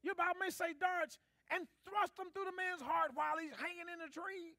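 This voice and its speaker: A pastor preaching a sermon, calling out questions for the congregation to answer. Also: male voice, very high-pitched, fairly even intonation, moderate pace, vocal fry, sharp tone, no room sound, studio quality. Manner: preaching with call-and-response to the congregation.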